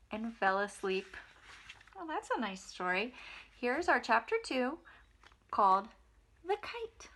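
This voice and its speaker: Woman reading a kids story out loud, gentle and expressive, bright fairly high voice. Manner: gentle, expressive, talks to small children. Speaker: nursery school reader. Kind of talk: storybook read-aloud for children.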